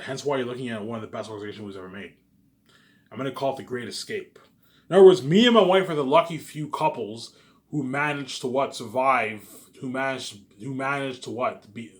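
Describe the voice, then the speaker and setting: A young man in a rambling casual monologue, boastful, swearing, repeating and restarting his phrases. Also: mid-range voice. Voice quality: repetitive, restarts phrases often. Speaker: vlogger pitching his movie ideas.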